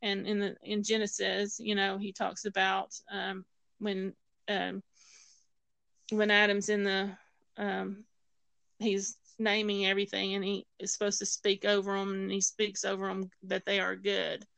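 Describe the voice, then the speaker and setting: A woman's voice: mid-range voice, monotone, a little slow, creaky, fairly bright tone, clean tone, no echo, rough recording. A woman telling a personal story as a guest, acting out the voices of others and using many fillers and restarts. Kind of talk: personal testimony in conversation.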